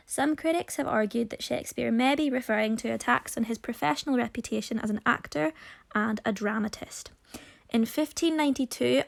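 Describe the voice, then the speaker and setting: Gravelly-voiced woman teaching a poetry lesson. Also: on the high side. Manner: explanatory, addresses students directly. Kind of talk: recorded literature lesson.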